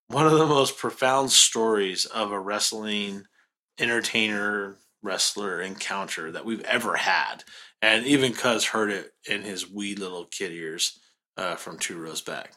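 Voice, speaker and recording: Bright-voiced man hosting a chat podcast. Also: lowish voice, lively intonation, moderate pace. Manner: upbeat, hands over to the co-host. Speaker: podcast host. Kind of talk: casual chat.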